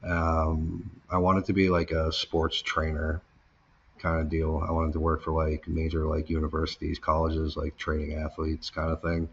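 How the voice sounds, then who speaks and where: This man's voice is extremely low and monotone, moving at a moderate pace over lo-fi audio with slight background noise. Being interviewed, he recounts his story in a casual, profane way, packed with fillers. When he quotes people he performs them, and his voice leaps up whenever he gets heated.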